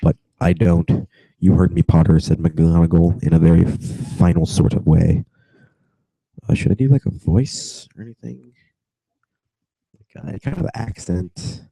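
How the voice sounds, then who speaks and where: Young man, deep and dark-toned, husky from a cold, reading aloud on a webcam mic, giggly tangents. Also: a little slow, dry recording, poor audio. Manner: reads with giggling tangents and mumbled asides. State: getting over a cold. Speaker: reader. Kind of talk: casual reading aloud on video chat.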